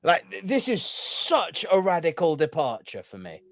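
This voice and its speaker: A young man co-hosting a casual podcast, talking in an animated, emphatic way with plenty of swearing. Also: on the high side, normal speed, no echo, clean studio sound. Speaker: podcast co-host.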